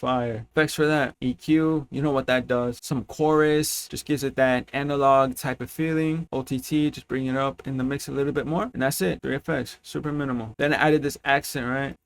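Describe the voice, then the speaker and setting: A man's voice: medium pitch, fairly even intonation, moderate pace, few pauses, smooth. A young man from Mexico, a music production tutor, explaining his steps in a laid-back, slangy way. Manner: laid-back slangy chatter, says "bro" often. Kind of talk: casual screen-recorded tutorial.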